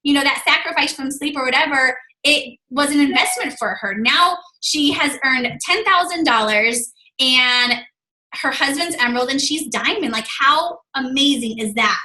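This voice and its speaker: A woman's voice: high voice, normal speed, sharp tone, reverberant, poor audio. A woman hosting a team video call, gushing and effusive with lots of fillers.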